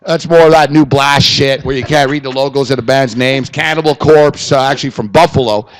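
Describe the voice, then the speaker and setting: A man co-hosting a podcast in casual profane banter, telling stories excitedly and laughing often. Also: mid-range voice, fairly quick. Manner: excitable storyteller, swears a lot, laughs often. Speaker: podcast co-host.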